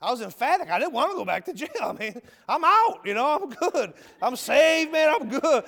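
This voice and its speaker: A high-pitched man preaches a sermon with his testimony, swinging from ringing shouts down to low near-whispers. He talks in a folksy way, calling listeners "brother" and "my friend." His voice rings out with a long reverb in a church hall. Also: very animated, fairly quick, vocal fry. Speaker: preacher, ex-convict prison minister.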